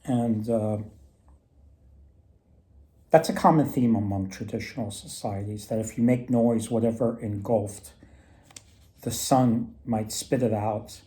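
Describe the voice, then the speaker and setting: Low and mellow, this man's voice moves slowly with frequent pauses as he presents mythology, loosely retelling folk tales and myths. The casual storytelling rambles, with many restarts along the way.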